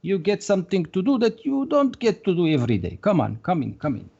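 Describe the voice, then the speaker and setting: A man's voice: high-pitched, big pitch swings, fast talker, creaky, mellow, slightly rough, muffled recording, voice pushed up, exaggerated voice. A man doing a frantic fussy little shopkeeper. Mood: urgent, insistent. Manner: frantic, repeats "oi" over and over. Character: short fussy male quill-maker shopkeeper.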